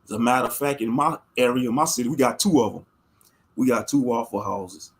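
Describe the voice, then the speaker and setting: Chatty and relaxed, this Louisiana livestream host rambles through a casual chat and laughs a lot. He speaks fairly quickly in a medium-pitched voice.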